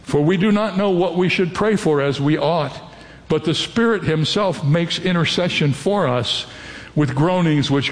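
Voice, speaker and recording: An older male pastor delivers a sermon in an earnest, direct way, often turning to the congregation with questions. His voice sits a little high for a man. The sound carries a long reverb, like a large hall.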